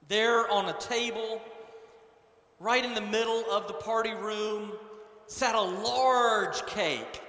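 A man preaching a sermon as a story, with dramatic, animated delivery. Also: high voice, takes it slowly. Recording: echoey hall.

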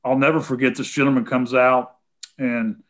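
A man's voice: medium pitch, level tone, normal speed, a bit bright. A man with a Tennessee accent answering callers' questions in a casual conversation, hesitating often with "um" and "you know".

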